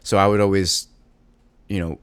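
A man with a low, deep voice speaks haltingly about being a parent, circling back with fillers and restarts. The sound is dry and close, with no room around him. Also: flat delivery, clear, resonant tone, no echo. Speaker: parent of a young child. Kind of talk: personal monologue.

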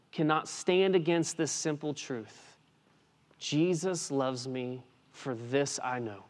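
A man preaching to his congregation in a slightly raised voice. He moves between hushed, intimate lines and emphatic surges, with off-the-cuff asides. The sound carries a long, ringing reverb from a large sanctuary. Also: on the high side. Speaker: pastor. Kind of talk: sermon.

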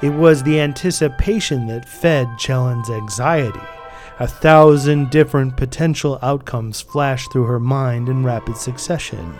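A man reading his own fiction aloud as narrator, in a measured, deliberate storytelling manner. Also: medium pitch, a little mellow, soft background music. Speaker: author and narrator.

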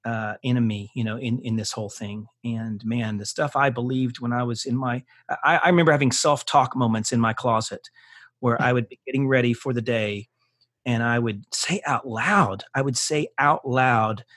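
A man's voice: mid-range voice, steady tone, moderate pace, fairly bright tone, no room sound, studio quality. A man speaking as a podcast guest, earnest and heartfelt, often restarting and repeating words for emphasis, then leading a closing prayer.

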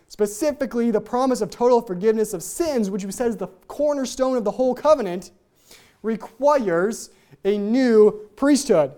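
A Bible teacher works through scripture verse by verse, speaking in quick bursts that trip over their own words. Key ideas come back again and again so they sink in. The voice is mellow and warm, sitting at a middle pitch. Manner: talks very fast, trips over own words; repeats key points for emphasis.

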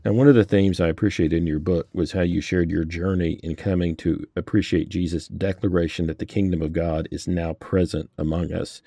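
A very deep, dark-toned man interviews his guest in a calm, measured way. His voice is gravelly and a little husky, and the sound is dry and close. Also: no room sound. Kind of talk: interview questions and reading aloud.

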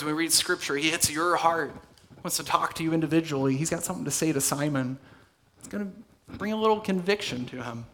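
A male pastor preaching a conversational sermon in a church, dropping to soft, intense tones for emphasis. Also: a little high. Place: church hall.

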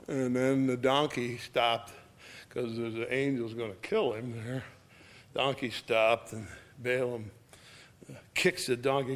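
A man teaches through a Bible passage in a folksy, conversational way, keeping his listeners along with frequent "all right?" checks. His voice is mid-pitched and ordinary. Scripture readings come louder and quicker than his homespun explanations. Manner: casual, homespun speech with asides like "all right?". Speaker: preacher. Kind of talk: folksy verse-by-verse sermon.

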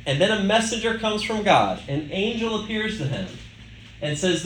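A man's voice: high-pitched, sing-song, normal speed, fairly bright tone, slight background noise. A male pastor preaching a sermon in a conversational way, asking the listeners rhetorical questions. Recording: echoey room with faint ambience.

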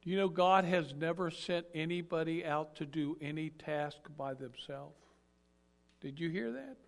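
A man preaching a sermon as an animated storyteller who acts out the characters as he goes. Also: on the high side, measured pace, creaky.

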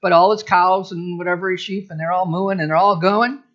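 A man's voice: high-pitched, steady tone, brisk, a bit bright, highs cut off. A man preaching as a pastor, conversational, with asides and restarts. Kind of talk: sermon.

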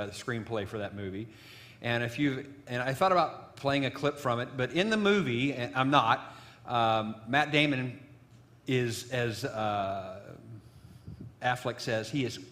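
A man's voice: mid-range voice, a bit bright, long reverb tail. A man giving a sermon, telling a story in a loose, rambling way with many fillers. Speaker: preacher.

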